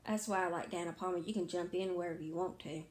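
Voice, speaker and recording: A woman's voice: lowish voice, fairly even intonation, fast, darkish tone. A tired woman chatting casually about her reading to her viewers, rambling and correcting herself as she goes. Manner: rambling, self-correcting, filler-heavy. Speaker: book vlogger. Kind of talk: casual book chat to camera.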